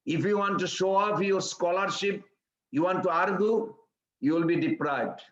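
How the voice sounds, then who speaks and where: A man giving a storytelling sermon in simple, broken English. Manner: simple broken English, acts out quoted voices in a higher pitch. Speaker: preacher. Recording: echoey room, slightly dull sound.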